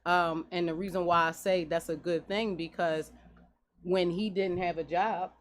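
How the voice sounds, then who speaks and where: A woman in her forties, a guest business owner in a radio studio interview, talking in an earnest, animated way. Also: fairly low pitch, measured pace. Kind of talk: casual interview talk.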